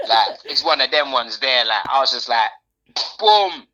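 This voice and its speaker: A woman's voice: extremely low pitch, a little fast, bright, forceful tone, muffled recording. A woman co-hosting a podcast, chatting casually in slang and repeating words. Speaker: podcast co-host. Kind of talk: casual chat.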